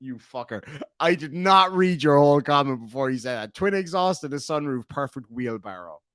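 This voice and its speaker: A man's voice: mid-range voice, normal speed, clear, resonant tone, no echo, studio quality. A man in his forties, from Ireland, casually chatting on a livestream, reading out chat and joking with plenty of swearing. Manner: animated, swearing, joking asides. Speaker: streamer reading live chat.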